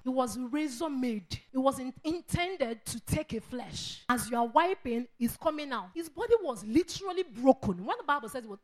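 A woman delivers a sermon in a high voice. She preaches emphatically, repeats her phrases and acts out the voices she quotes.

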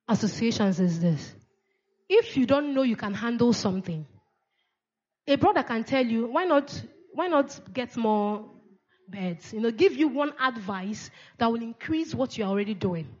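A woman's voice: fairly high pitch, lively intonation, moderate pace, a little mellow, dull audio. A woman preaching a sermon in a church, asking the congregation questions and repeating key words, with frequent amens.

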